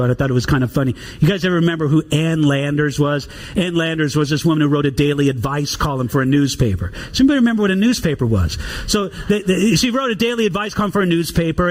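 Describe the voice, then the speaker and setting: A man preaching an expository sermon, reading scripture slowly and explaining it with conversational rhetorical questions. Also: a little high. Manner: reads scripture aloud slowly and deliberately. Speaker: pastor.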